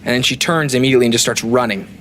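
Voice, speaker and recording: A man narrating a tabletop game as game master, relaxed and hesitant with many fillers. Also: medium pitch, very fast, slight background noise.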